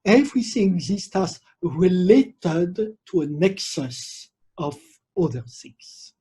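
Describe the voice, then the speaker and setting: A man lecturing on theology at a university, speaking in a measured, professorial way with pauses between phrases. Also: high-pitched, lively intonation, warm tone, slightly rough.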